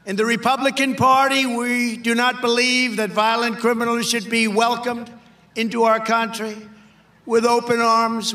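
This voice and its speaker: An older man giving a political rally speech, emphatic and repetitive, often shouting. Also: high voice, recorded from a distance. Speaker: political speaker.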